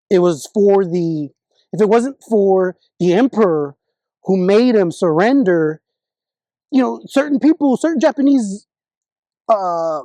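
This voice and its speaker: In a dry recording, a man with a high-sitting, dark-toned voice vlogs his political opinions as a casual monologue. He sounds confident yet keeps restarting and correcting himself mid-sentence.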